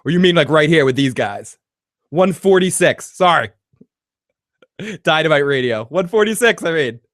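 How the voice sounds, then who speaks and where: Excitable male streamer, high and lively voice, swears freely, close and dry. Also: moderate pace, no echo. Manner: excitable, profane, bursts into shouting. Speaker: host of a live reaction stream. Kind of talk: live trailer reaction and chat.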